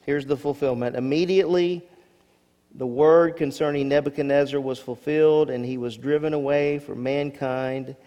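A man's voice: medium pitch, moderate pace. A male pastor delivering a sermon, reading scripture aloud with rising emphasis and casual asides to the congregation. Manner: expressive preacher, rising emphasis on key words, asides to congregation. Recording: long hall reverb.

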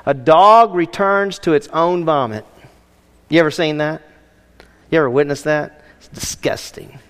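Pastor guy preaching, chatty and jokey, asks the crowd questions, voice a bit high, big reverb. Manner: conversational preaching with jokes and rhetorical questions. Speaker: senior pastor. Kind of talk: sermon.

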